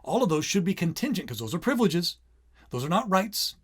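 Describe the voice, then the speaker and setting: An animated dad co-hosting a podcast. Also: male voice, high voice, slightly rough. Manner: animated, acts out kids' lines in quick quoted bits. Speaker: podcast co-host. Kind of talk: casual parenting podcast chat.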